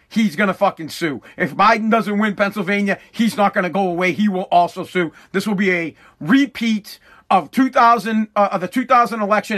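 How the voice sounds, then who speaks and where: A man, hosting a casual rant monologue in a profane, animated way, repeating himself as he goes. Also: high-pitched. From Massachusetts.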